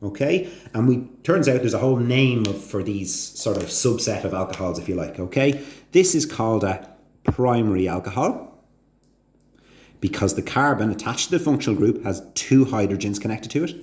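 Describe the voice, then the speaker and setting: A lowish, mellow man's voice, talking students through a chemistry lesson in a relaxed, chatty way. He keeps checking in with questions that jump up in pitch. The sound is echoey, as in a bare room. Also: moderate pace. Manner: chatty, asks the viewer frequent check questions; rises sharply in pitch on questions. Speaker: chemistry teacher. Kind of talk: casual recorded chemistry lesson.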